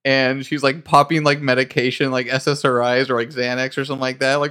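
A man's voice: medium pitch, fairly even intonation, fairly quick, few pauses, a bit bright. A man co-hosting a podcast, talking casually in a rambling way with lots of fillers. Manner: rambling, with frequent fillers and laughter. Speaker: podcast co-host. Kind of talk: casual chat.

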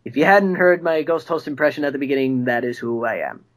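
A man's voice: mid-range voice, fast talker. A man from New York who is a podcast guest, talking casually and animatedly. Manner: animated, laughs a lot.

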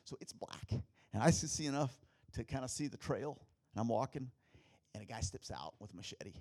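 A man preaching a sermon, telling a personal story with animated delivery and repeated rhetorical questions to the congregation. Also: medium pitch, fairly quick, breathy edge. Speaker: pastor.

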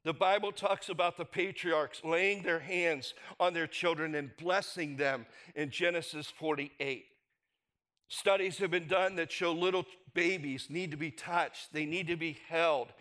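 A middle-aged man preaches a sermon in a high, light voice. He speaks slowly and deliberately, with a chatty, conversational delivery. He keeps drawing the congregation in with rhetorical questions. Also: fairly bright tone. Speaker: pastor.

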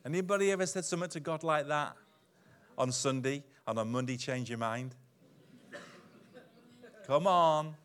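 A man preaching a sermon as pastor to his church, animated, swinging from loud emphatic lines down to quiet asides. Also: a little high, moderate pace, long pauses, smooth. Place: church hall.

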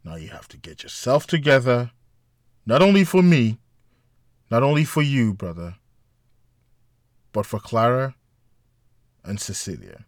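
A man's voice: mid-range voice, very animated, a little slow, pauses often, dry recording, studio quality. A man playing a stern, caring friend. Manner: firm, urgent, patient pleading.

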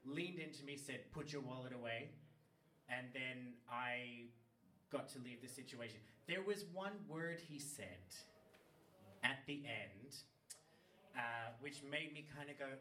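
A man's voice: medium pitch, measured pace. A man telling a long, funny anecdote in casual chat, swearing freely and laughing as he goes. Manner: animated, swears freely, laughs mid-story. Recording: roomy sound from a distant mic.

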